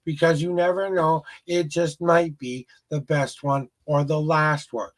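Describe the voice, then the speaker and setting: A man's voice: fairly high pitch, a little slow, hardly any pauses. A man hosting a tarot livestream, giving viewers an upbeat motivational pep talk in a casual chat. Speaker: tarot reader livestream host.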